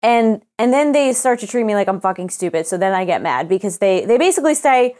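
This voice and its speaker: A young woman co-hosting a casual podcast, venting through a long story. She swears freely and slips into little acted-out quotes of both sides of the exchange. Her voice sits at an ordinary middle pitch for a woman. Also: sing-song, fast, hardly any pauses, a little mellow. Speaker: podcast co-host. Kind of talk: casual chat.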